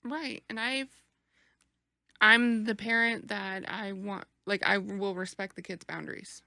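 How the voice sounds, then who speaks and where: A woman chats casually on a podcast with a bright, gravelly voice. She states her views firmly and often chimes in to agree. The sound is close and dry. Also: medium pitch, steady tone, measured pace, no room sound. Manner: firm, agreeable, frequent affirmations. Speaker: podcast guest. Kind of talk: casual chat.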